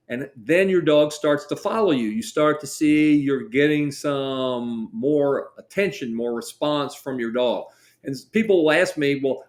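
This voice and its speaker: A middle-aged man, a guest dog trainer, explaining in casual interview chat and acting out client dialogue as he tells stories. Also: fairly high pitch. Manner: storytelling, acts out client dialogue.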